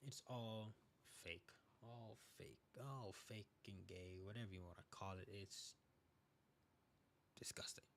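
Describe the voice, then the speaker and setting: A young man hosting a podcast in a loose, rambling monologue. He talks with a low voice and keeps acting out little quotes. A faint hiss sits under him. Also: takes it slowly, gravelly. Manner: animated, rambling, acts out quotes. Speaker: podcast host. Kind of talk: casual monologue.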